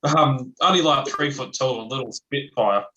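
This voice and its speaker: A man's voice: medium pitch, moderate pace, sharp tone, rough recording. A man with an Australian accent chatting casually, blunt, swearing freely and laughing often. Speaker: livestream guest, ex-chef. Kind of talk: casual chat.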